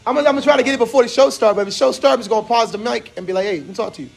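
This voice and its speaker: A man hosting a casual barbershop chat, telling animated stories and laughing often. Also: very high voice, very fast, creaky. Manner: laughs a lot, animated storytelling. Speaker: host.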